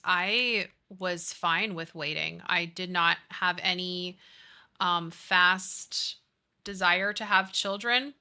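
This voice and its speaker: A woman's voice: mid-range voice, sharp tone. A woman in her thirties chatting casually with her live-stream chat, gushing and reading out viewers' messages.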